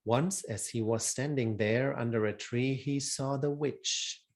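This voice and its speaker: Male storyteller for a fairy tale reading; unhurried, deliberate, mid-range voice. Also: medium pitch. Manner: slow, measured, deliberate reading.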